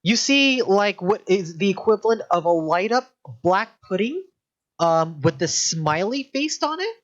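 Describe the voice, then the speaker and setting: A woman narrating a tabletop game as game master, halting and full of ums and restarts. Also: mid-range voice, sing-song. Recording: dull lo-fi audio.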